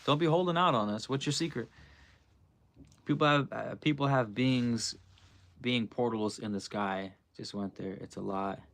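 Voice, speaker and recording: A man's voice: medium pitch, moderate pace, fairly bright tone. A man hosting a casual livestream, musing aloud in a loose, slangy way. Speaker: livestream host.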